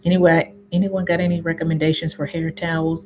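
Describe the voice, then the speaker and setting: A woman with a Southern US accent, chatting casually with viewers on a live stream, reading comments aloud and answering them with sudden high, laughing exclamations. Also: level tone, fairly quick, background noise. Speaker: YouTube host answering live chat.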